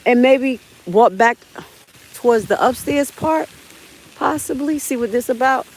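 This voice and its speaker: A woman's voice: sits high, animated, a little slow, slightly rough, low-quality recording. Chatty woman in her forties on a walk. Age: 40s. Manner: chatty, talks straight to viewers as "y'all" and "baby"; walking and climbing while talking, gets winded. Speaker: livestream host. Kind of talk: casual live walking vlog. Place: outdoor city park.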